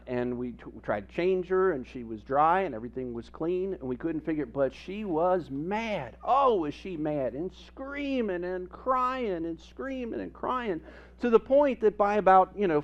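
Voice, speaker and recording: Speaking at a normal pace in a voice a little high for a man, a male pastor tells stories in his sermon with lively humor. The recording sounds somewhat dull and lo-fi.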